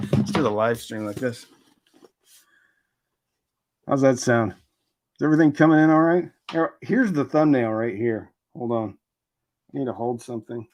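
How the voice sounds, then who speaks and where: A man hosting a casual live stream, reading out viewer comments and answering them in a loose, chatty way with lots of fillers and quick asides. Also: mid-range voice, darkish tone.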